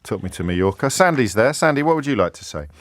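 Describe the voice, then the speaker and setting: A man hosting a radio phone-in, chatting with callers in a lively way. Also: on the low side, no room sound. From Kidderminster, England. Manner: chatty and animated, quick to laugh with callers. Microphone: studio microphone.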